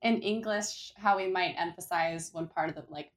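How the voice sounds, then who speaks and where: Easygoing young woman, lowish voice. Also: normal speed, few pauses. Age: young adult. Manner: easygoing, searching for words with fillers. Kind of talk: casual podcast chat.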